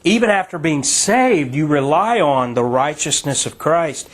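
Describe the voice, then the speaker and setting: A man's voice: a little high, animated, measured pace. A man with a slightly raised voice leads a Bible study. He talks conversationally with fillers and then presses his points with emphasis. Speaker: Bible teacher. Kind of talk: sermon-style Bible study.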